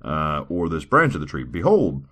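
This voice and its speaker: A man's voice: extremely low pitch, sing-song, fairly quick, vocal fry, fairly bright tone, breathy edge. A man hosting a podcast, reading scripture aloud and mocking it with sarcastic asides, stumbling over archaic words. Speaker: podcast host.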